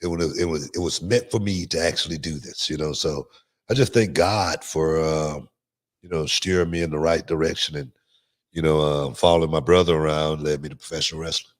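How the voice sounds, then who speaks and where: A middle-aged man, a former wrestler co-hosting a podcast, talking casually in a halting way with many "you know"s. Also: a bass voice. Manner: relaxed, halting, heavy use of "you know". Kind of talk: casual chat.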